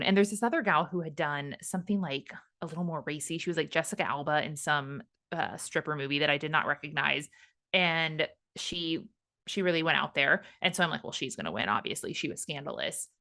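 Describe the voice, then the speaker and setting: A woman in her thirties hosting a solo podcast, telling personal stories in a candid, animated way with laughs and some swearing. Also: sits low, normal speed, no echo, studio quality. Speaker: podcast host.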